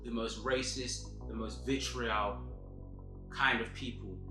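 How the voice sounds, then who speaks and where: A man's voice: fairly low pitch, fairly even intonation, music in the background. Earnest male commentator in a roomy space. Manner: measured, self-correcting, earnest. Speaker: commentary host. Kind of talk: opinion commentary.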